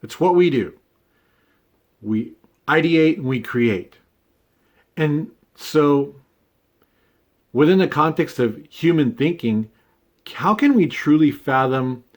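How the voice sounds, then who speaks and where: A man in mid-range voice thinks out loud to the camera, loose and conversational. He keeps checking in with quick asides and easy filler words as he works through his point. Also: mid-range voice. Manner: conversational, many fillers and "right?" tags. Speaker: video essay host. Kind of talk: casual unscripted monologue.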